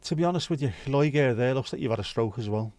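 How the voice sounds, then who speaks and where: A man's voice: medium pitch, expressive, quick pace, darkish tone, no room sound. Rambling man chatting on a livestream. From Wales. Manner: rambling, swears freely, muses aloud. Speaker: livestream host. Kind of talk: casual chat with viewers.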